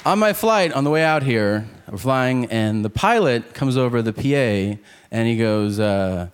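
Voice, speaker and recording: Man, stand-up comedy set, animated delivery, acts out voices, stage mic, loud audience laughter. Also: mid-range voice, a little slow. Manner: animated, acts out voices of people in his jokes. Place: comedy club stage before a live audience. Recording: live club recording with crowd noise. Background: audience laughter and crowd noise.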